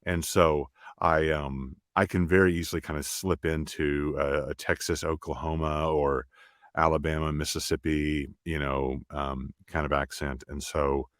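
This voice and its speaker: A middle-aged man from the American South, an audiobook narrator chatting in an interview in a halting way with many restarts. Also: a bass voice, little pitch movement, fairly bright tone, no echo, clean studio sound. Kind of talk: casual interview chat.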